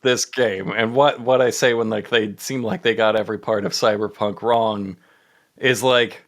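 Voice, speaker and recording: A man's voice: fairly low pitch, steady tone, normal speed. A man playing a tabletop game on a podcast, riffing jokingly on his character's misfortunes. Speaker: player, co-host. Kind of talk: casual podcast chat.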